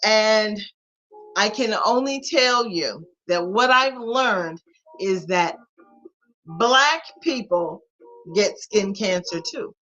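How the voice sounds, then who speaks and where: A middle-aged woman hosting a live online flash sale, chatting with viewers in an animated, familiar way. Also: mid-range voice, slow pace, dull audio, faint music behind. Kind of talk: live sales chat.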